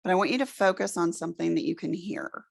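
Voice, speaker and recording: A middle-aged woman leading a room through a guided relaxation exercise, giving slow, soothing instructions. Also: on the low side, gravelly. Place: presentation room with an audience.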